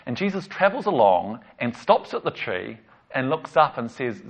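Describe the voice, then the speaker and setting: A man, a pastor, preaching a conversational sermon and retelling a story with lively emphasis and casual asides. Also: medium pitch, moderate pace. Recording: slightly dull lo-fi recording.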